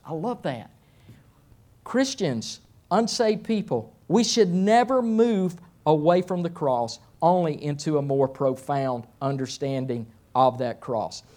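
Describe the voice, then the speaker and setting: A middle-aged man preaching a sermon as pastor, speaking slowly and deliberately. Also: on the high side, expressive, warm tone. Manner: slow, deliberate delivery.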